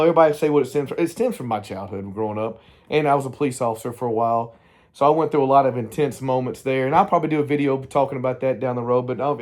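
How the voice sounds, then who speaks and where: Rambling middle-aged man with a drawl. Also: mid-range voice. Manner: candid, meandering, self-interrupting. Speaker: vlogger. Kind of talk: rambling personal vlog.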